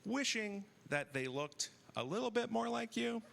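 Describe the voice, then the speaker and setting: A man's voice: high voice, lively intonation, a little slow, vocal fry, a bit bright. Dry self-deprecating comic man in his forties. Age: 40s. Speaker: stand-up comedian. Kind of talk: stand-up comedy set. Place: comedy festival stage before a live audience.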